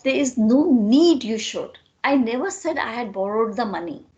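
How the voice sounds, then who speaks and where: A woman's voice: a little high, animated, moderate pace, darkish tone, highs cut off, lightly acted. A woman with an Indian English accent reading the part of a playful, proud young wife in a teasing tone.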